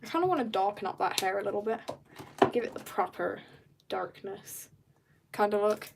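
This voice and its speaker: A woman's voice: medium pitch, expressive, fast talker, gravelly, slight background noise. A woman chatting casually and rambling in jokes while she draws on stream. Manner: rambling and jokey, drifts into soft mutters. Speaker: artist streamer. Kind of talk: casual chat while drawing.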